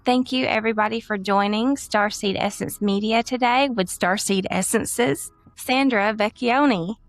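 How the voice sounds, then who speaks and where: A woman's voice: fairly high pitch, unhurried, no room sound. Woman, podcast host, dry close sound, faint music, conversational. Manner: warm, affirming, emotional at times. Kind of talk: interview conversation and sign-off.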